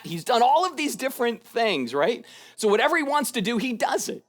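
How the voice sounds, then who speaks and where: A man preaching a sermon as a pastor, in a conversational way that acts out scripture in lively paraphrase, with frequent rhetorical asides. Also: very high voice, brisk.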